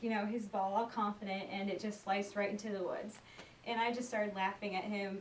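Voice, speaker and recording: A young woman telling a personal story out loud in a chatty, animated way, acting out the people she quotes. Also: fairly high pitch. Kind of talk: personal story told aloud. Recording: roomy, distant mic, faint background noise.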